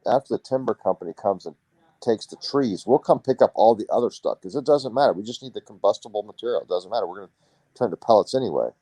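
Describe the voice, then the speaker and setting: A man's voice: on the low side, animated, fast talker, mellow, breathy edge, dry recording. A man retelling the words of a blunt, insistent European stranger in a slightly raised voice. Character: insistent European man selling wood-pellet future.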